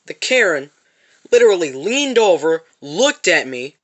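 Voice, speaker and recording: A man's voice: high-pitched, very animated, a little slow, fairly bright tone. A man telling an angry, profane story about a confrontation in a parking lot, repeating himself as he goes. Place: parked van.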